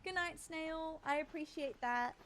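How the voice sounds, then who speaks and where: A woman's voice: high-pitched, unhurried, a bit bright, slight background noise. A woman livestreaming a game, chatting casually and reassuringly with her viewers. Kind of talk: casual gaming stream chat.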